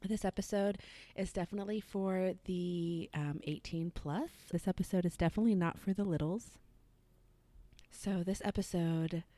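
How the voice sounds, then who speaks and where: Low-voiced, chatty woman podcast host. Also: steady tone, moderate pace, mellow, dry recording. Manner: loose and chatty, many ums, casual swearing. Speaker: podcast host and sex educator. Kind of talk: casual solo podcast chat.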